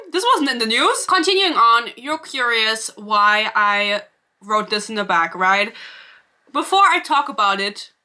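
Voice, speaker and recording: A woman's voice: a little high, bright, forceful tone. A young woman reviewing a book on her own channel, ranting casually with sarcasm, swearing and laughing asides. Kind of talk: casual rant to camera.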